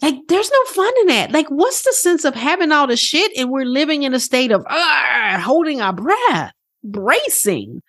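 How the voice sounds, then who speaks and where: A woman's voice: sits high, big pitch swings, moderate pace, fairly bright tone. A woman hosting a motivational podcast as a wellness coach, talking earnestly and casually swearing, who often slips into quoted inner voices. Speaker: wellness coach and program host.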